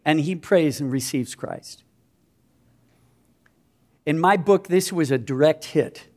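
A man's voice: fairly high pitch, measured pace, pauses often, a little mellow. A man in his fifties from Minnesota, a missionary giving an earnest, self-deprecating personal testimony. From Minnesota, USA. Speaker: missionary speaker.

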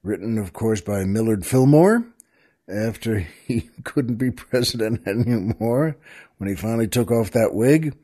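A man's voice: on the low side, animated, unhurried, dark tone, slightly rough. A man hosting a comedy podcast, telling jokes in a chatty monologue full of asides and chuckles. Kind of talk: casual comic monologue.

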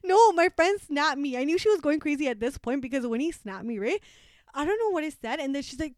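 A woman's voice: high-pitched, lively intonation, fairly quick, no echo, clean studio sound. A young woman, chatting casually and telling a story, acting out quotes and laughing often. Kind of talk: casual chat.

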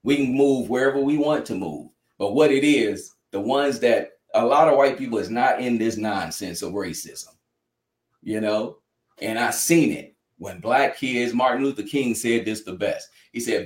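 A man's voice: mid-range voice, moderate pace. A man speaking earnestly in an interview, heartfelt and preacher-like, with many "you know" fillers. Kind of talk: earnest conversational testimony. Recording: echoey room.

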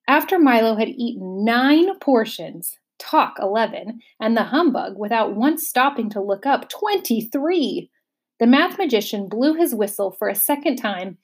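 A woman reading a children's novel aloud with lively expression. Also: on the high side. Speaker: audiobook narrator. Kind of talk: storybook reading.

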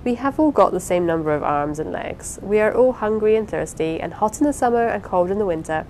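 An impulsive young wife pours out apologies and pleas in a bright, eager rush, as a woman reads her part aloud. Her voice sits in an ordinary middle range. A faint rumble runs under the audiobook recording. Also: animated, fairly quick, close to an everyday voice, poor audio. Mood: earnest. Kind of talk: audiobook character reading.

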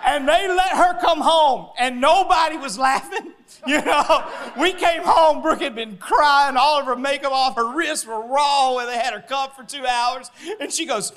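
High bright-voiced pastor. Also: male voice, unhurried. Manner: animated storyteller, acting out voices, laughing. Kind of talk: sermon with a told story.

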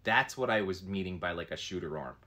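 A man's voice: deep voice, lively intonation, brisk, background noise. Chatty man rambling about toys. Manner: chatty, rambling, answers viewer chat, many fillers. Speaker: toy collector streamer. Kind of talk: casual live-stream chat.

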